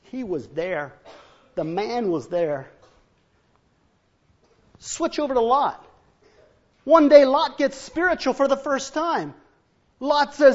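A man's voice: very high-pitched, very animated, slow, pauses often. Man preaching on a muffled recording. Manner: storytelling, acts out biblical and household dialogue in different voices; humorous asides to the congregation. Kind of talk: sermon.

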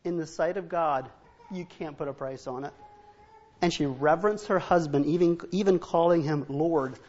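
A man's voice: fairly high pitch, moderate pace, a little mellow. A male preacher giving a sermon, telling Bible stories, acting out dialogue in different voices and adding humorous asides for the congregation. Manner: storytelling, acts out biblical and household dialogue in different voices. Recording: dull, muffled recording.

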